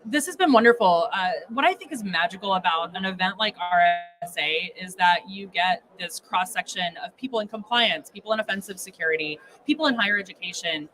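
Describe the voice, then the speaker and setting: A woman's voice: medium pitch, animated, fairly quick, few pauses, a bit bright, faint music behind, rough recording. A woman speaking as a guest in a live interview at a conference booth, enthusiastic and articulate. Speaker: interview guest, graduate student.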